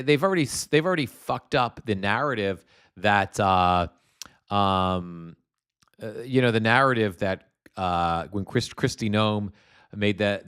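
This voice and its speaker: This middle-aged man from New Jersey has a smooth, fairly bright voice that sits on the low side. Hosting a political livestream, he rants casually and profanely, restarting often, using lots of fillers, and reading chat comments aloud.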